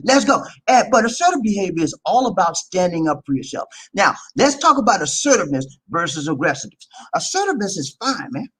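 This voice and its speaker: A man hosting a casual advice talk, animated and preachy, with slang and loud laughs at his own jokes. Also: high-pitched, fast, hardly any pauses, slight background noise, poor audio. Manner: slangy, repeats "man" and "okay". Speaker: vlog host.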